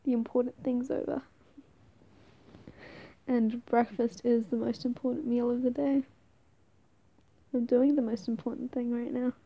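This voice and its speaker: A woman's voice: fairly high pitch, little pitch movement, measured pace, creaky, long pauses, lo-fi sound. A young woman playing an affectionate, playful girlfriend in an audio role-play, giggling, teasing and stumbling over her words.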